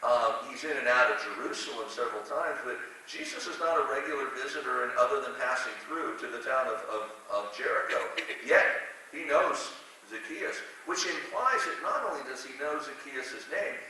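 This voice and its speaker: A man delivers a conversational sermon, full of asides and self-deprecating humor. His voice is very bright and sits at a middle pitch. The recording comes from a distant mic in a very echoey church hall, with a faint hiss underneath. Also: normal speed. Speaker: preacher. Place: church sanctuary.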